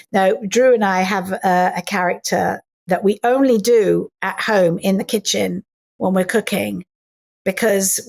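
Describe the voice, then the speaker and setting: A middle-aged English actress chatting playfully in an interview, animated and fond of slipping into mimicry. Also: female voice, medium pitch, creaky. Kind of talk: casual interview chat.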